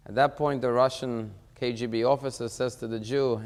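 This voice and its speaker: A man delivers a sermon as a rabbi, opening with a joke in a wry, easygoing storyteller's manner. His voice sits at an ordinary middle pitch. A long hall reverb trails after his words. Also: little pitch movement, fairly quick, few pauses, darkish tone.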